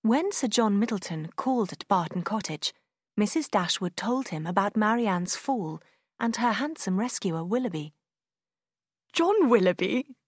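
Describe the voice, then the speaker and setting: A woman narrating a storybook with clear, even storytelling. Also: mid-range voice, normal speed, no room sound, studio quality. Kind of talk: storybook reading.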